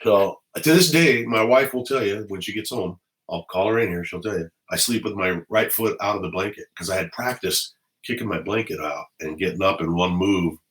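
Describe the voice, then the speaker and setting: A man's voice: low voice, moderate pace, a bit bright, poor audio. A middle-aged man from the Los Angeles area, a former police officer, telling stories to the camera at home in a blunt, heavily profane way. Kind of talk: casual storytelling to camera. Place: at home indoors.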